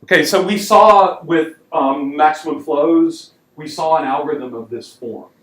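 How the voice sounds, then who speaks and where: A man's voice: a little high, unhurried, a bit bright. A man giving a university lecture in a casual, wry way, with frequent ums and words he leans on. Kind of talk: classroom lecture. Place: lecture hall. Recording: echoey lecture hall, voice from a distance.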